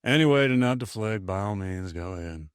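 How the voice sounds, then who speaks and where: A man's voice: lowish voice, animated, a little fast, smooth, no room sound, clean studio sound. A man co-hosting a podcast in casual comedic chat. He is blunt, sarcastic and swears a lot. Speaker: podcast co-host.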